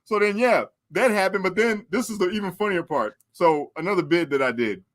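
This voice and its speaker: A man who is a podcast guest, telling prison stories in a casual, animated, slangy way with frequent laughter. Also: high-pitched, brisk. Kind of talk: casual storytelling.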